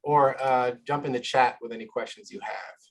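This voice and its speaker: A man moderating a panel discussion over a video call, speaking in a measured, affirming way. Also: medium pitch, steady tone, gravelly, low-quality recording.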